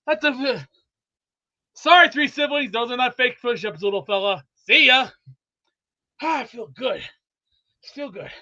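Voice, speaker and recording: A man rambling excitedly about football and cooking in a boastful, comedic way, slightly out of breath. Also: very high-pitched, a little slow, pauses often. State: out of breath from exercise. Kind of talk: rambling comedic sports chat. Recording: dull lo-fi sound.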